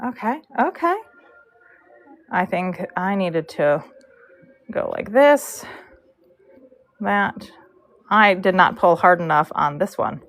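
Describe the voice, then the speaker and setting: A woman's voice: on the low side, lively intonation, slow pace, pauses often, a bit bright. A woman live-streaming as she braids hair, telling a rambling story in a chatty way, full of fillers and asides about her work. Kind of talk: casual storytelling while working.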